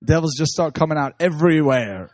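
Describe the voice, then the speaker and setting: A man preaching, telling excited stories from his services and often laughing as he talks. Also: on the high side, fairly quick, dry recording, studio quality. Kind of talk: animated sermon storytelling.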